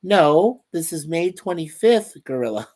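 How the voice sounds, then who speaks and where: A man's voice: a little high, sing-song, measured pace, darkish tone. Chatty man hosting a live stream. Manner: rambling, reads chat messages aloud; upbeat and easily delighted. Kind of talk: casual live stream chat.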